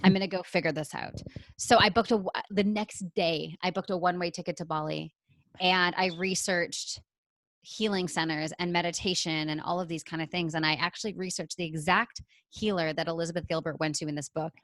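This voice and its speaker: A woman from Canada, a podcast guest telling a personal story in a lively way and acting out what she said back then. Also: on the low side, fairly quick, no echo, poor audio. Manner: animated, acts out her own past lines. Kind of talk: storytelling interview answer.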